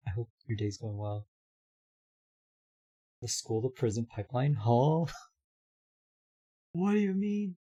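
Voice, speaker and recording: Hoarse young man chatting on stream. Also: mid-range voice, unhurried, long pauses, dark tone, muffled recording. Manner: chatty, reads chat aloud, laughs often. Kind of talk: casual live-stream chat.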